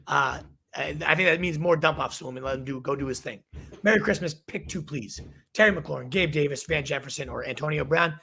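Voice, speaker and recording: A young man hosting a live fantasy football advice show, firing off quick verdicts while losing his voice. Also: a little high, creaky, pushed and bright, a little hiss or hum.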